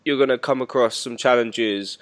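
A man's voice: medium pitch, normal speed. A man hosting a podcast, asking long, loosely phrased questions that he keeps rephrasing. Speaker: podcast host. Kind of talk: casual podcast interview.

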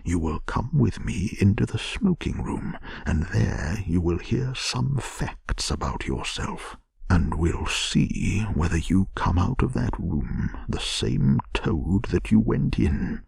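A man voicing a stern, wise old male badger who lectures gravely, in a whispered bedtime story. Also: sits low, expressive, slow pace, darkish tone, dry recording, clean studio sound, exaggerated voice.

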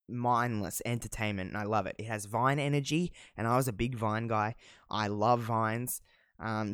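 A man's voice: mid-range voice, clean tone, no echo, studio quality. A man in his twenties with an Australian accent, hosting a casual solo podcast in a rambling, candid way, with slang and the odd swear word. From South Australia. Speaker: podcast host.

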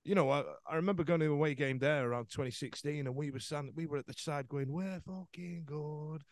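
A man's voice: fairly high pitch, fairly even intonation, fast talker, no echo. A man hosting a football podcast in casual chat, rambling with many restarts. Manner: rambling, lots of restarts and fillers.

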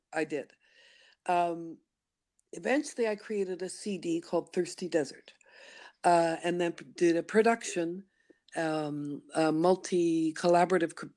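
A middle-aged woman from Canada talks through her story in a relaxed interview, slightly low in pitch. She keeps it animated, jumping into playful acted-out asides for the voice inside her head. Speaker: guest, studio founder and voice workshop leader. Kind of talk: conversational interview.

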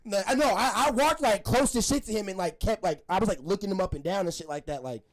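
A man's voice: high-pitched, fast. A young man telling a story in casual podcast chat, rambling with lots of fillers and frequent laughter.

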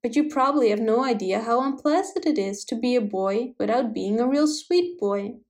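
An earnest, troubled young boy from a storybook, voiced by a woman reading aloud. He pleads and questions in a slightly high voice. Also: normal speed, a little mellow, close to an everyday voice. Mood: pleading.

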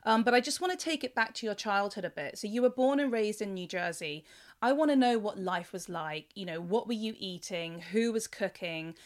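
A woman with a British accent hosting a podcast interview, bubbly and quick with her questions. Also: mid-range voice. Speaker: podcast host.

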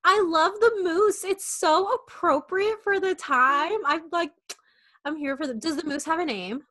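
A woman in her twenties co-hosting a podcast, expressive and a little burnt out. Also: very high-pitched, a little slow. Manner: expressive, excitable. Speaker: podcast co-host. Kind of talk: casual chat.

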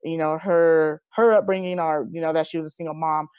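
In a clean, dry studio recording, a woman in her thirties speaks a little fast in a low, clear voice. She's an interview guest, earnestly and warmly retelling personal stories in conversation with real animation.

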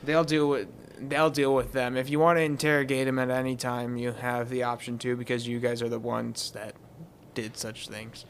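A man's voice: medium pitch, little pitch movement, moderate pace, a little hiss or hum, lightly acted. A man voicing a dutiful young prince, speaking plainly and matter-of-factly. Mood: calm. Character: polite young male prince, dutiful and calm.

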